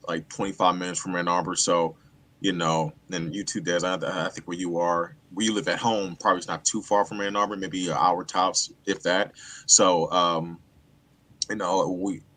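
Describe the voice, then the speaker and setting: Low, bright-voiced man from Michigan. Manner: halting, many fillers and restarts. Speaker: co-host. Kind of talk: casual chat.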